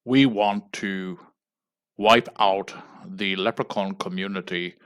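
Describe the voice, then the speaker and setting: An Irish man making a deadpan mock fundraising appeal on a livestream, pleading and tagging "folks" onto nearly every phrase. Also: low voice, slow. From Ireland. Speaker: comedic livestreamer.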